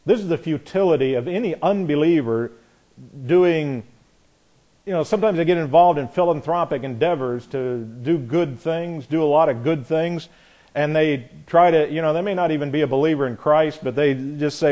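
Earnest preacher, a man with a higher voice. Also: moderate pace, a little mellow. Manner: earnest, emphatic, reads scripture aloud with frequent restarts. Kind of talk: sermon, Bible teaching.

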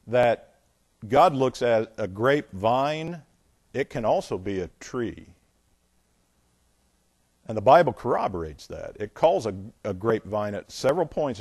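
A man teaching the Bible in a sermon style, animated and digressive, often asking his listeners questions. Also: mid-range voice, measured pace.

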